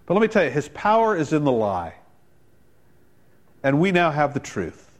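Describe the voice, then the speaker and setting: A male pastor preaching a sermon, quoting people in quick voiced asides and building to loud, emphatic climaxes. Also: sing-song. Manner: preaching with dramatic rises in pitch and volume; quotes others in voiced asides.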